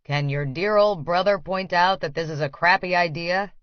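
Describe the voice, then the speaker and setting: A man's voice: sits high, moderate pace, no room sound, lightly acted. A woman voicing a sarcastic, teasing older brother with a dry, joking drawl, in an audiobook. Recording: dry, slightly dull studio audio.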